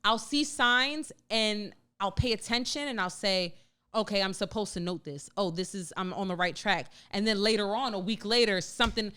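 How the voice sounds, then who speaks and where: A woman co-hosting a laid-back podcast conversation, her voice smooth and clean. She talks in an animated, expressive way, full of casual slang and lively storytelling. Her pitch sits in an ordinary middle range. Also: moderate pace. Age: adult with a young daughter. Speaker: podcast co-host. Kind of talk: casual chat.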